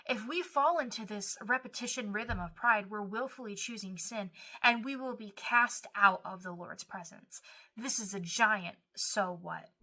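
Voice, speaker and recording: An earnest woman delivers a devotional Bible teaching, acting out short prayers and verses as she goes. Her voice is bright and forceful, with a middle pitch. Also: measured pace.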